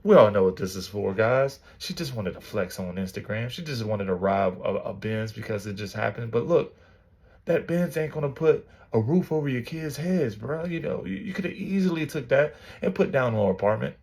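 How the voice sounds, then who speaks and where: A man's voice: mid-range voice, normal speed, a little mellow, slightly rough. Slangy man hosting a reaction podcast. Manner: slangy, laughing asides, calls listeners bro. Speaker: podcast host reacting to clips. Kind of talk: casual commentary.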